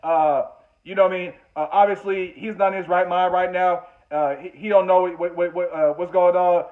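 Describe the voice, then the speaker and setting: A man's voice: high voice, steady tone, moderate pace, natural voice. A man voicing a stern, respected older male inmate who lectures firmly, on tinny phone-like audio. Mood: apologetic, firm. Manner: firm, lecturing.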